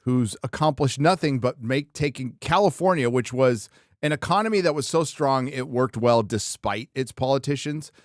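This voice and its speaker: A man's voice: mid-range voice, animated, normal speed, no room sound, clean studio sound. A man hosting a podcast, talking in a blunt, ranting casual style. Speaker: podcast host. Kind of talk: casual chat.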